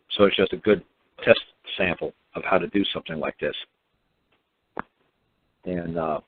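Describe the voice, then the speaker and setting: A man hosting a talk show, giving advice in a folksy, rambling, plain-spoken way. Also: low-pitched. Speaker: host. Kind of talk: casual advice monologue. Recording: tinny phone-line sound.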